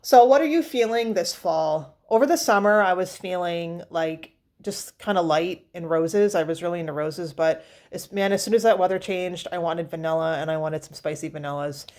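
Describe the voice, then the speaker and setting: A woman's voice: fairly low pitch, normal speed, a little mellow. A woman vlogger chatting casually about perfumes, rambling with fillers and restarts. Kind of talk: casual chat.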